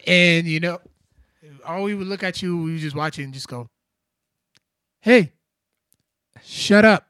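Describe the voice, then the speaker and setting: A man in his thirties, co-hosting a podcast in a casual chat, telling excitable, slangy stories. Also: a little high, fairly quick, clear, resonant tone, dry recording, clean studio sound. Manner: animated storyteller, slangy and excitable. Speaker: podcast co-host.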